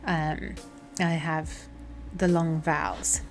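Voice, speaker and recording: A woman's voice: low voice, little pitch movement, takes it slowly, soft background music. A woman with a southern English accent chatting casually while she codes on a livestream, playful and joking. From England. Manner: playful, chatty, slips into silly voices and jokes. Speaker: software developer streaming her coding.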